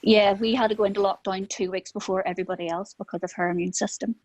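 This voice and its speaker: Brief: Belfast woman, young salon owner, friendly and easy-laughing, mid pitch. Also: steady tone, quick pace, a little mellow, a little hiss or hum, low-quality recording. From Northern Ireland. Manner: friendly, laughs easily, hesitant with ums. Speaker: salon owner asking questions.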